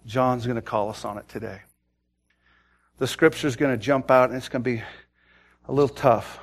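A pastor in his forties preaching a sermon, telling stories and acting out the quotes with big swings from loud to soft. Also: mid-range voice, animated, unhurried, pauses often. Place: church sanctuary.

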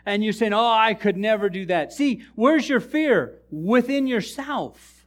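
Animated high-voiced male preacher. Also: a little slow. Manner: animated storytelling preacher, jokes with the congregation. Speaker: pastor. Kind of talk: sermon. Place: church.

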